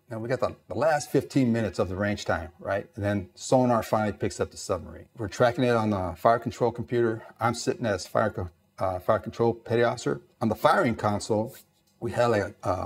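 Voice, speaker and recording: A man's voice: on the low side, a little fast. A man from East Los Angeles, a Navy veteran, telling stories in an interview and acting out the dialogue. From East Los Angeles, USA. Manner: animated storyteller, acts out dialogue, lots of "you know". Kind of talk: storytelling interview.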